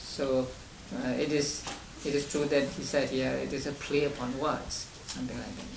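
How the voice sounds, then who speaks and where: A man leading a study class on meditation texts, explaining slowly and step by step with frequent restarts and soft chuckles. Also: mid-range voice, flat delivery, vocal fry. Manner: chuckles between points. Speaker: Buddhist meditation teacher. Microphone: distant room mic. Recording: roomy distant amateur recording with hiss.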